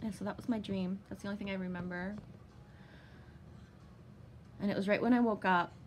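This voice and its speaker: A woman's voice: mid-range voice, brisk, background noise. Rambling, swearing woman telling a story. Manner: rambling, heavy swearing, many fillers; bursts of giddy excitement and laughter. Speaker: vlogger. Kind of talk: casual storytelling.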